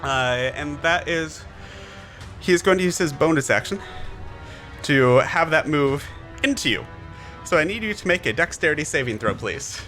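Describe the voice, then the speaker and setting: A man with a slightly raised voice narrates a tabletop game as game master, relaxed and chatty with lots of fillers. Game music plays clearly under him. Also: a little high, normal speed, pauses often.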